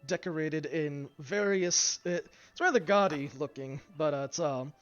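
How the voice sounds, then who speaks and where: A man narrates a fantasy tabletop session as game master, halting over his words with frequent fillers and restarts. His voice sits fairly high for a man. The live stream sounds dull and lo-fi, with faint music underneath. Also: clear, resonant tone. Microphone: streaming mic.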